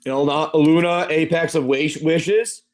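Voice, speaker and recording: A man's voice: fairly high pitch, fairly even intonation, unhurried. A man hosting a casual card-opening stream, chatty and rambling, reading card names and telling an adventure story. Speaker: livestream seller opening card packs.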